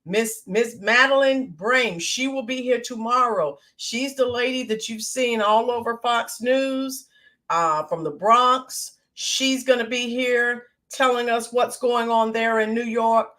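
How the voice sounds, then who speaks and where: Speaking slowly in a slightly high voice, an American streamer greets her viewers by name during a casual live chat. She leans on filler "ums," and her throat sounds a touch hoarse from yelling the day before.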